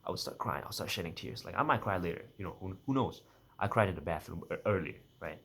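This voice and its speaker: A young adult vlogger rambles through a casual personal monologue, correcting himself and half-joking along the way. He talks fast with lively intonation in a low, husky, creaky voice that's a bit bright.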